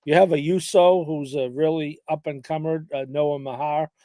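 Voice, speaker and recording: A man co-hosting a podcast, casually talking through his horse race picks in a hesitant way, with many pauses and restarts. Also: fairly high pitch, fairly even intonation, mellow, no room sound. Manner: hesitant, lots of fillers and restarts. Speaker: podcast co-host handicapping horse races. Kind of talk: casual chat.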